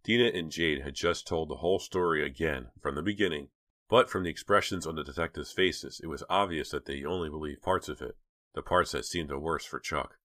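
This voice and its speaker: Audiobook narrator, man, very low voice, close dry recording. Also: brisk, fairly bright tone, no echo. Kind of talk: scripted narration.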